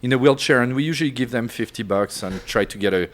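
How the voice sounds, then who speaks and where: Guy w french accent chatting on a podcast, relaxed, keeps restarting sentences. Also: mid-range voice, fast talker. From France. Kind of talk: casual chat.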